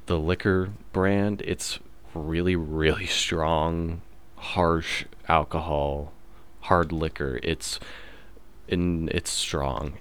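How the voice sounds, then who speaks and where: A man's voice: sits low, clear, resonant tone. A young man in his twenties, hosting his own podcast and telling stories in a laid-back, swear-heavy way, full of fillers. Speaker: podcast host. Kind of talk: casual storytelling monologue.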